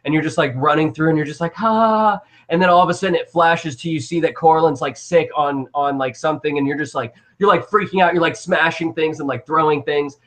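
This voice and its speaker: A man's voice: a little high, steady tone, fast, few pauses, a bit bright. A young man narrating as game master, rambling with lots of fillers and restarts.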